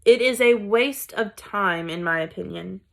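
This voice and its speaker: A woman's voice: mid-range voice, a little slow, vocal fry, a bit bright. A woman voicing a haughty French mother mouse who speaks with a French accent and scoffs at everything her husband says. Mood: dismissive. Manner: exasperated, scoffing.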